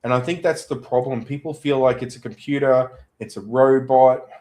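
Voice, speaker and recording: A man chatting as a podcast guest. He tells his stories in an animated, everyday way, with a voice sitting in the middle of the male range. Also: mid-range voice, moderate pace, low-quality recording. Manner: animated storyteller. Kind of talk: casual podcast chat.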